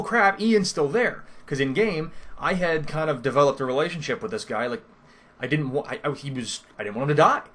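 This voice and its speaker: His mid-range voice has a slightly bright quality. As a first-time game master, he offers a casual storytelling recap of a tabletop game session, rambling and interrupting himself while filling gaps with many fillers.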